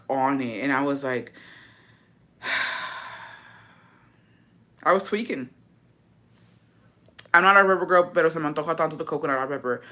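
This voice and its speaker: A woman's voice: low-pitched, pushed and bright. A woman from chatting casually to her viewers, profane and dramatic, dropping Spanish phrases into her English. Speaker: vlogger. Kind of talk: casual chat to camera.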